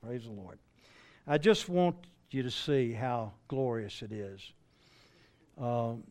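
A man's voice: a little high, clean tone. An older man preaching a sermon in a conversational way, asking listeners rhetorical questions and often restarting phrases. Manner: restarts and stumbles mid-phrase.

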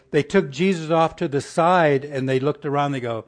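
A man preaching a conversational sermon in a folksy way, asking his listeners rhetorical questions and sinking to a soft, hushed tone for tender passages. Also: a little high, moderate pace, few pauses.

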